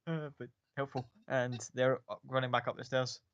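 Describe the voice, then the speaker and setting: A man narrating as game master in a loose, rambling voice full of fillers and swearing, at a middling pitch. The sound is dry and slightly dull, close on the mic. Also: monotone, moderate pace, a bit bright, no echo.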